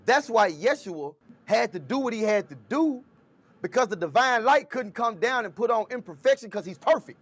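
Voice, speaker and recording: A man co-hosting a casual talk show, retelling scripture scenes in an animated, storytelling way. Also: very high voice, moderate pace. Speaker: co-host.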